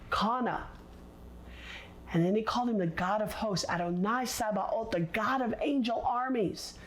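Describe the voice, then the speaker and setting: A woman teaching a recorded Bible lesson, expressive and deliberate, leaning on words for dramatic emphasis. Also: mid-range voice, a little hiss or hum.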